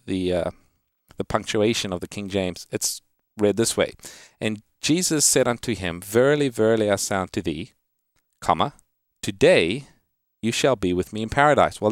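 A man's voice: on the low side, no room sound, studio quality. A man hosting a call-in radio show, earnestly explaining Bible verses to callers and quoting scripture in a lifted reading voice. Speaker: radio Bible-answer host.

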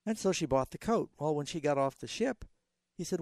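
A man's voice: on the high side, a little fast, dry recording. A middle-aged man hosting a call-in radio Bible show as pastor, explaining passages with stories and emphatic delivery. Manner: explanatory, tells illustrative stories, animated emphasis.

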